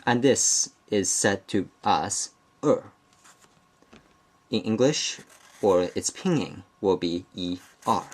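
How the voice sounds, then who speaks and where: A fairly low-pitched man narrates a slow, explanatory beginner language lesson. He goes step by step in a deliberate, methodical manner, often restating or correcting himself mid-phrase.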